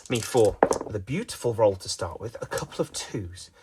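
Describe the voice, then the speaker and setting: A man's voice: lowish voice, expressive, normal speed, noisy background. A man giving playful, self-mocking mock sports commentary on a dice game.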